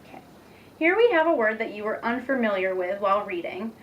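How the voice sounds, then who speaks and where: A young woman teacher demonstrating a reading lesson, patient and encouraging, speaking slowly and clearly. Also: mid-range voice, animated, dull audio. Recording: distant mic with faint background noise.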